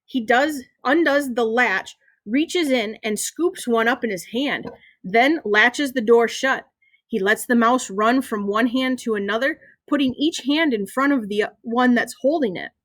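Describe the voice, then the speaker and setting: A woman reads a children's novel aloud in a steady, expressive way. Her voice sits fairly high. The recording is dry and close, with no room echo. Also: unhurried. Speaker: reader.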